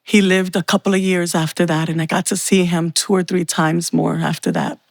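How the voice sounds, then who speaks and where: A woman's voice: lowish voice, level tone, normal speed, creaky, no echo. A woman telling her personal faith testimony in an earnest, heartfelt way. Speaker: testimony speaker.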